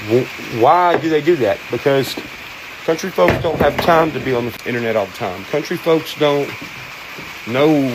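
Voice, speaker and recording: A man's voice: medium pitch, background noise. Blunt Southern man, folksy talk. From American South. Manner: blunt, folksy, plain-spoken. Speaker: host. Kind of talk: casual monologue.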